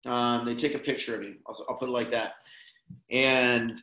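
A man of ordinary pitch tells a personal story in a loose, rambling way, calling the listener "man" and "dude." The recording carries a roomy echo around his voice. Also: moderate pace. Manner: relaxed, rambling, peppers speech with "man" and "dude".

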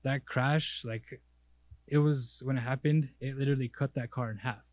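A man's voice: mid-range voice, steady tone, normal speed, a little mellow. A man co-hosting a podcast in casual chat, laid-back and agreeable, using loose slang. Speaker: podcast co-host.

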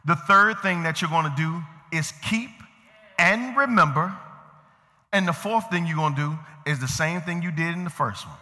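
A male pastor preaching a sermon, moving from easy conversational talk to shouted emphasis and calling out to members of the congregation by name. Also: on the high side, normal speed. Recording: long reverb of a large hall.

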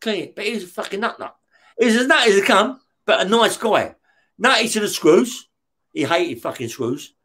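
High-pitched and a bit bright with a breathy edge, this voice belongs to a West London man who once served time. As an interview guest he relates his story casually in a London accent, swearing frequently and asking "yeah?" as he goes.

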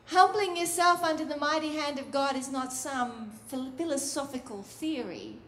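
A woman preaching a sermon in a soft, intimate, earnest way that often drops to a hush. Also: high voice, animated, moderate pace, slight background noise. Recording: roomy echo.

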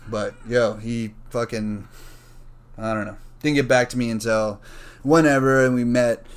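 A young man hosting a casual solo podcast, rambling and swearing freely, with sudden bursts of high mock voices when he imitates other people. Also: measured pace, clear, resonant tone. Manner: rambling, profane, animated, mimics others in a raised voice. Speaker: podcast host.

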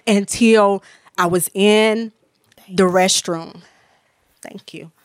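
A woman's voice: mid-range voice, fairly even intonation, extremely slow, dry recording. Earnest woman sharing her testimony, dry sound. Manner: earnest, emotional, with many restarts and "you know". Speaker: author and minister, podcast guest. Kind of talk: candid personal testimony in conversation.

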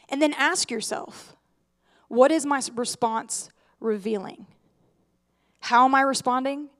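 A young adult woman delivers a sermon in an easy, conversational way. Her voice sits high, and she keeps the congregation engaged with rhetorical questions and lively asides. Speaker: preacher.

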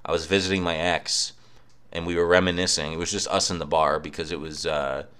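A man's voice: low voice, steady tone, a little fast, a bit bright, clear, resonant tone. A young man on a cheap microphone at home in his apartment, ranting casually with a profane, sarcastic edge. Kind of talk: casual rant.

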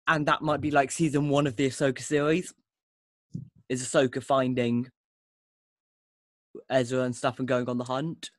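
A man hosts a casual podcast, talking with enthusiasm and often restarting his sentences. His voice sits at a middling pitch. The recording is dry and close. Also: steady tone, moderate pace, long pauses, no room sound. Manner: enthusiastic, rambling, with frequent restarts. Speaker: podcast host.

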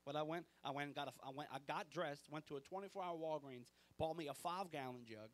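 A young man, a pastor telling a story in an animated, conversational sermon. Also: on the high side, fast talker.

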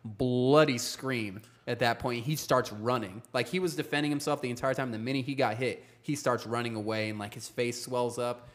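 A man's voice: mid-range voice, normal speed, few pauses. Man telling a story in a casual chat. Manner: animated storytelling, lots of profanity and laughter. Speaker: podcast co-host.

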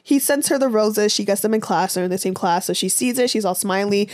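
A young woman co-hosts a podcast, animatedly recapping a TV episode in casual chat full of fillers, swearing, and phrases like "this, that, and the fourth." Her voice is mid-range and she talks fairly quickly.

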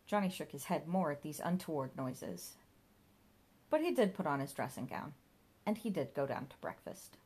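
Woman, audiobook narrator, rather low voice, dry comic delivery, lively intonation. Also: moderate pace, slightly rough.

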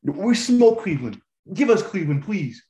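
A man's voice: high-pitched, very animated, normal speed, crowd noise. A young man co-hosting a sports podcast, a hyped, trash-talking fan in casual chat. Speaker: podcast co-host.

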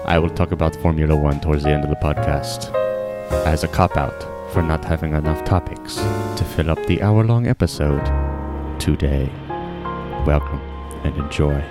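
A man putting on a made-up foreign accent as his cousin, introducing a podcast in a stilted, deadpan way. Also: a bass voice, moderate pace, over loud music, pitched below the performer's own voice. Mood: stiff. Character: stiff formal foreign cousin, adult male.

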